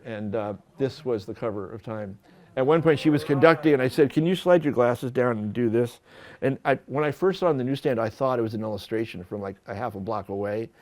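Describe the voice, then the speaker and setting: A man in a mid-range voice tells stories from his working life to a lecture audience. He is lively and self-mocking, with frequent false starts and rephrasings. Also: medium pitch. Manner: animated, self-deprecating storytelling with many restarts. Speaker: photographer giving a talk. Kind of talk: storytelling lecture. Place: lecture hall at an art school.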